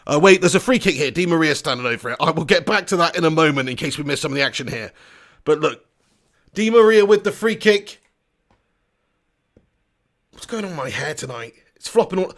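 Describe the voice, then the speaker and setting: A young man with a notably high voice, chatty and excitable as he hosts a live football watch-along. He swears casually, reads out viewer messages and jumps into quick commentary on the play.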